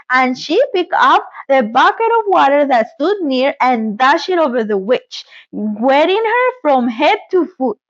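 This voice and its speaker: Woman host, storybook reader; high and lively, playful asides, dry lo-fi sound. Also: no echo. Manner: animated, playful commentary. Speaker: host reading a story aloud. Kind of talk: expressive storybook reading with commentary.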